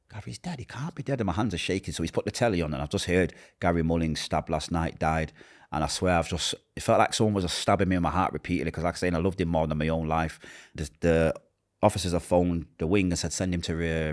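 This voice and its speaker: A man with a Manchester accent telling a painful personal story in an interview, acting out what others said and dropping to a hush at the hardest moments. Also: sits low. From Manchester, England. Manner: acts out quoted voices, drops to a hush at painful moments.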